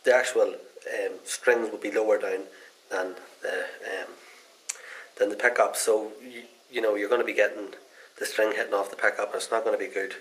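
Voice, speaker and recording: A man's voice: fairly low pitch, fairly even intonation, normal speed, fairly bright tone, low-quality recording. A man chatting his way through a casual hands-on guitar repair demonstration in a folksy, rambling manner.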